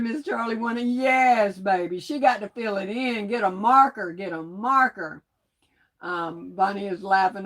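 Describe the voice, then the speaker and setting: Her voice sits in the mid range as she hosts a craft livestream. She reads viewer comments aloud with folksy teasing and laughs often.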